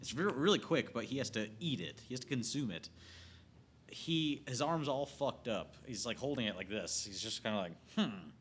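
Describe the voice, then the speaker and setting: Bright-voiced man ranting about a film. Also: mid-range voice, expressive, moderate pace, slight background noise. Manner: profane, rambling, laughs often. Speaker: movie reviewer. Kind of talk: casual film rant.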